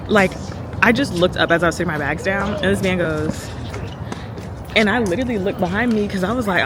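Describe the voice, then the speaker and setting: A young woman vlogging casually outdoors, chatting to viewers in a lively storytelling way, calling them y'all and girl. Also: mid-range voice, brisk. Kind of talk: casual vlog chat to camera. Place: outdoors on loud city streets and in a park. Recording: noisy street recording with traffic.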